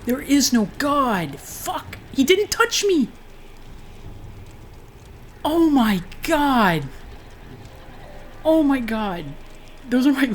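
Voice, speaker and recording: A woman's voice: sits high, slight background noise. A woman giving chatty, casual let's-play commentary, talking to herself and her viewers and letting out jumpy shrieks at enemies. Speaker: gaming streamer. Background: game music.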